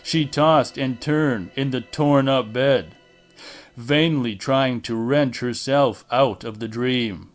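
A man reading a horror novel aloud in a deliberate, dramatic narration style. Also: medium pitch, soft background music. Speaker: audiobook reader.

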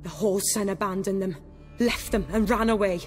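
A woman's voice: mid-range voice, fairly even intonation, a little fast, soft background music, natural voice. An actress playing a cold, commanding noblewoman who speaks in cool, clipped lines.

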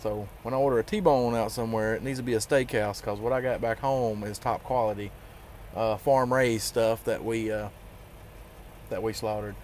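A man's voice: fairly low pitch, steady tone, moderate pace, a little mellow, slight background noise. A middle-aged man, telling a rambling, folksy story about his day in a casual vlog. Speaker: trucker vlogger.

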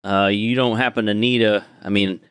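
A man's voice: lowish voice, steady tone, normal speed, a bit bright, clean tone, dry recording, close to an everyday voice. A man voicing a grizzled, polite male sailor who drawls folksily and hesitates over his words. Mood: folksy.

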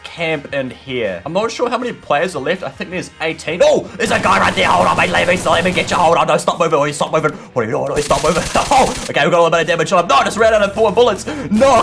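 A young man giving chatty, excitable commentary while playing a game, shouting in the fights. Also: on the high side. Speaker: gaming channel host. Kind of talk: casual gameplay commentary.

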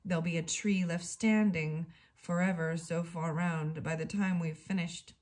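A woman's voice: lowish voice, fairly even intonation, a little slow, a little mellow, close to an everyday voice. A woman reading the lines of a quarrelsome, boastful little brother from a storybook, in a plain read-aloud voice.

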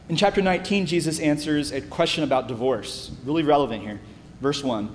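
A man's voice: animated, fairly quick. Man reading scripture with dramatic flair. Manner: reads scripture aloud dramatically, acting out the speakers; asides in a low, quiet voice. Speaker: Bible teacher. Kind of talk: Bible study presentation. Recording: long reverb, faint background hum.

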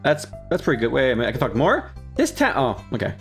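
A man's voice: mid-range voice, wildly swooping pitch, fast, gravelly, faint music behind. Playful man narrating his own gameplay. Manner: playful, talks to himself, jumps into silly voices. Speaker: let's play gamer. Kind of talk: casual gameplay commentary.

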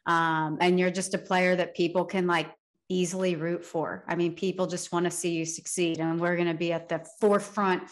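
A woman co-hosting a casual podcast, teasing her guests with a bubbly, easy laugh. Her voice sits somewhat low for a woman. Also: flat delivery, normal speed. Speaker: podcast co-host.

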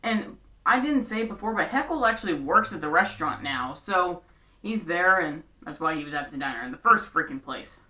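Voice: mid-range voice, lively intonation, a little fast, pushed and bright. A casual show recap vlogger, chatty and throwing in sarcastic asides. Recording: roomy echo, distant from mic.

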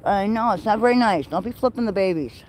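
A woman livestreams from an outdoor farm pen, casually cooing baby talk to her goats and chicks. Her mid-range voice is a little fast and a little mellow, on a low-quality recording with slight background noise.

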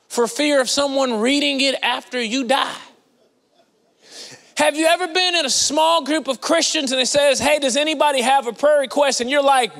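High, bright-voiced man preaching in a hall. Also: normal speed, vocal fry. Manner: conversational and playful, with slangy asides. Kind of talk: sermon. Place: church sanctuary.

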